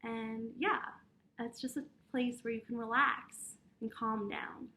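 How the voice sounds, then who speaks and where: A young adult woman, a teacher, giving young children a gentle, encouraging lesson with breathing exercises and speaking straight to them. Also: a little high, steady tone, takes it slowly. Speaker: preschool teacher.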